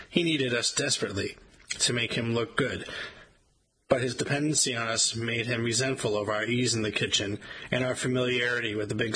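Man, memoir narrator, husky tone, wry measured storytelling, audiobook reading. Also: medium pitch, bright, forceful tone, low-quality recording. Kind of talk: first-person memoir reading.

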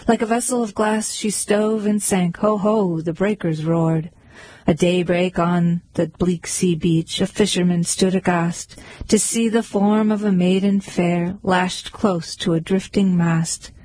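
Woman reading poetry, measured, husky, dry close sound. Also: on the low side, fairly even intonation, a little mellow, no echo, rough recording. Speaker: reader.

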